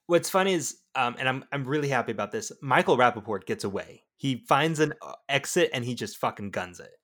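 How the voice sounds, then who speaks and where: A man co-hosting a podcast, chatting about a film in a relaxed, slightly hesitant way. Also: medium pitch, a little fast. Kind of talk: casual film review chat.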